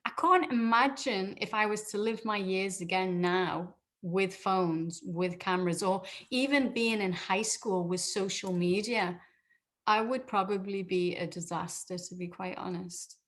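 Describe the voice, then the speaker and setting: A woman's voice: mid-range voice, unhurried, a bit bright. A woman in her forties, a guest on an interview show, talking candidly and chattily and laughing easily. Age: 40s. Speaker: interview guest, actor and writer. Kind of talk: casual interview chat.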